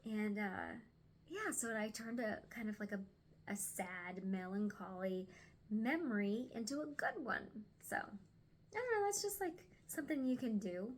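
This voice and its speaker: A woman's voice: mid-range voice, animated, measured pace, slight background noise. A young woman chatting casually at home through a tarot card reading, stumbling over words now and then and sometimes dropping to a whisper.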